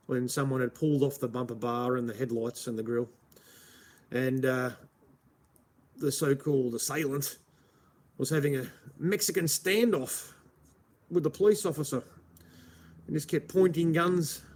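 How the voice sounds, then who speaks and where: An Australian man chatting loosely on his livestream, rambling from one thing to the next. He answers viewers and calls them mate in a mid-pitched, everyday voice. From Melbourne, Australia. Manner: rambling, answers chat, says "mate" a lot. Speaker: live streamer. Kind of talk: casual livestream chat.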